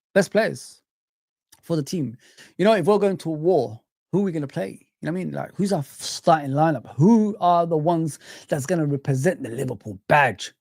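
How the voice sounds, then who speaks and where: A man hosting a casual livestream, chatting lively and reading out and greeting his chat. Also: a little high, no room sound, clean studio sound. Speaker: livestream host.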